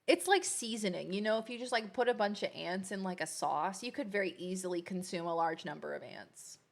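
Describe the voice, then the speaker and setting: A woman's voice: mid-range voice, a little fast, vocal fry. A woman, chatting casually with viewers while streaming a game. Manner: chatty, rambling, playful with pets. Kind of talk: casual live-stream chat.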